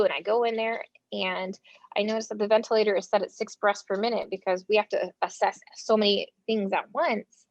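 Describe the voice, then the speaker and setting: Talking a little fast at medium pitch, an American woman who works as a front-line nurse tells stories in an interview with casual, filler-heavy speech and acted-out quotes. Her animated delivery comes through dull lo-fi audio from a dry room.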